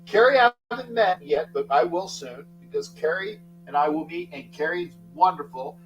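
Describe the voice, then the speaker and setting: An older man hosts a live sports talk stream, his voice on the high side and expressive at a normal speed. He rambles casually, calls out viewers by name, and keeps restarting his sentences. The lo-fi recording comes from a distant mic with a faint mains hum and soft music in the background.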